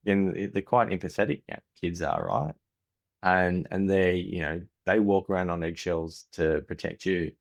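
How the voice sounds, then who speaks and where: With a deep, gravelly voice, this Australian podcast guest in his forties shares candid stories. He frequently restarts his sentences and performs bits of family dialogue.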